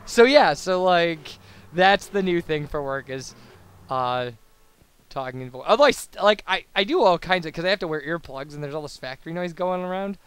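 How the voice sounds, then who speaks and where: High-voiced rambling young guy. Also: lively intonation, moderate pace, fairly bright tone, clean tone, dry recording. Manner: rambling and babbling, lots of fillers and tangents. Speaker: let's play commentator. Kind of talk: casual post-commentary chat over gameplay.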